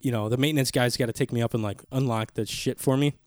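A man's voice: mid-range voice, steady tone, fast talker, a little mellow, no room sound, studio quality. A young man co-hosting a podcast, telling a long rambling story in casual chat, swearing a lot and acting out what others said. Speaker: podcast co-host. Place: small podcast studio. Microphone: studio mic.

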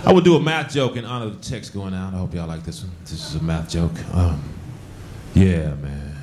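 A man's voice: low-pitched, quick pace, a little mellow, echoey room. A man doing a laid-back, drawling stand-up bit on a club stage. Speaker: stand-up comedian. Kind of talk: stand-up routine. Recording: live club recording, crowd and noise.

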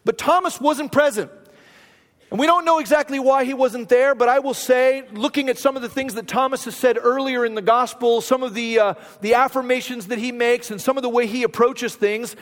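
A male pastor delivers a sermon in a loose, storytelling way, often checking in with the room through quick rhetorical questions. His voice sits very high for a man. It rings out in a church with a long, lingering reverb. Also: steady tone. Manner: conversational storyteller, asks the audience rhetorical questions.

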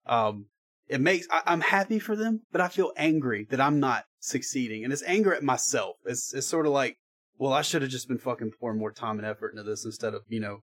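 A man who works as a freelance voice actor, talking as a guest in a casual podcast chat, rambling and laid-back and swearing now and then. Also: mid-range voice.

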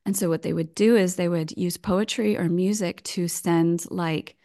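A woman talking as a guest on a podcast over a video call, chatty and quick to laugh. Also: on the low side, steady tone, warm tone. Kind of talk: casual interview chat.

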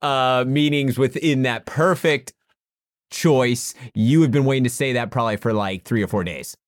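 A young man co-hosting a podcast in a casual chat, rambling and halting with lots of "uh" fillers. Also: mid-range voice, dry recording, clean studio sound. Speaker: podcast co-host.

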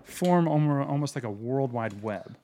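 A man's voice: mid-range voice, expressive, moderate pace, background noise. A man co-hosting a casual whiskey tasting chat, joking and sarcastic, swearing freely. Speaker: podcast co-host.

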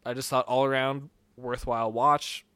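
A man's voice: medium pitch, level tone, normal speed, bright, forceful tone, smooth, dry recording. A young adult man co-hosting a podcast, chatting casually about movies, rambling and hedging with fillers. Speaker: podcast co-host. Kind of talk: casual movie review chat.

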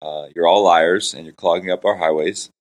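A man's voice: low-pitched, steady tone, normal speed. A man in his forties from Florida, a hip hop artist and pastor, chatting casually and joking at his own expense in a hotel-room interview. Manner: jokey, self-deprecating, rambling.

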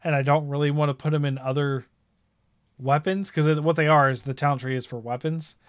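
A man chatting casually about games, rambling and animated as he tells stories. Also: on the high side, fairly quick, clean tone, dry recording, clean studio sound. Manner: rambling, animated storytelling with laughs.

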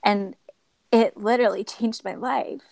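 A young woman with a slightly high voice recounts a personal story in an expressive, animated way. She acts out the people she quotes and laughs often. The recording is close and dry, with no room sound. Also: a little slow, vocal fry, no echo. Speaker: podcast guest.

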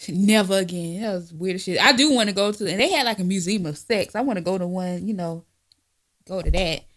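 A woman in her twenties co-hosting a podcast, telling loud, profane stories full of mocking impressions. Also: medium pitch, fairly quick. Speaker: podcast co-host. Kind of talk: casual chat.

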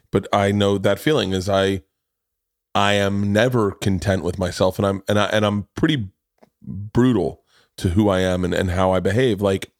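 A man with a low voice hosts a podcast in casual chat. He tells self-deprecating stories, often restarting his sentences and swearing freely. The sound is dry and close. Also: no room sound. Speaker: podcast host.

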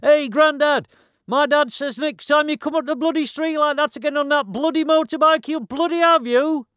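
A man voicing a mouthy young male biker lad who shouts and taunts. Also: high-pitched, animated, fairly quick, no echo, studio quality, voice pushed up. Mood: shouting angrily.

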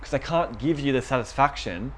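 Young guy preaching casual, acts out quotes, normal pitch. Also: a little fast, a little hiss or hum. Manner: conversational, animated retellings with quoted voices. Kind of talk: casual sermon.

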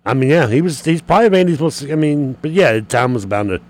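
A man's voice: brisk, a little mellow. A man co-hosting sports radio, laughing and teasing his partner in casual talk. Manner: laughs often, teasing, pitch jumps up when amused.

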